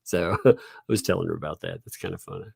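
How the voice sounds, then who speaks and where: A man's voice: deep voice, sing-song, fast, gravelly, breathy edge, dry recording, studio quality. A middle-aged man hosting a casual livestream, chuckling often as he reads out and thanks donors. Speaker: livestream host. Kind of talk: casual livestream chat reading donations.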